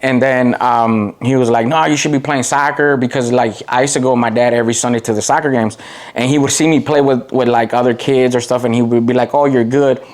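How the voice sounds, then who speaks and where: A middle-aged man from the Waukegan area, speaking at an ordinary pitch for a man. He tells long, rambling stories full of fillers and restarts. He gets animated whenever he quotes someone. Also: quick pace. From Waukegan area, Illinois. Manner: rambling, many "like" fillers and restarts, animated when quoting people. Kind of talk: casual interview storytelling.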